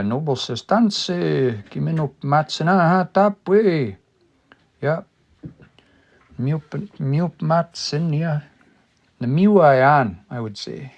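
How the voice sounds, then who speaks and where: Man slowly sounding out words. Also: mid-range voice. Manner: thinks aloud, sounds out words slowly and repeats them. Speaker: language teacher. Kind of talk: casual livestream language study.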